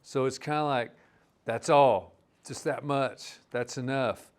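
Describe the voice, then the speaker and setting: A man's voice: medium pitch, takes it slowly. Guy teaching a language class, laid back, rambles and restarts a lot, medium voice. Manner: relaxed, rambling explanations with many restarts.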